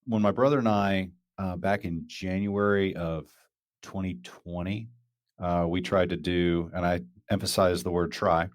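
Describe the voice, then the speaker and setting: A man's voice: sits low, steady tone, unhurried, dry recording, clean studio sound. A man hosting a casual podcast chat, talking loosely with lots of fillers and restarts. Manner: rambling, many fillers and restarts. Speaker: podcast host.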